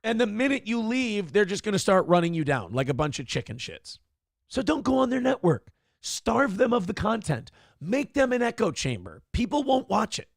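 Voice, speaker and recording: A man hosting a morning show, ranting with profane sarcasm in a high, gravelly voice. His pitch swings widely as he talks, and the sound is dry and close. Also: sing-song, moderate pace, dry recording. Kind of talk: ranting commentary on news clips.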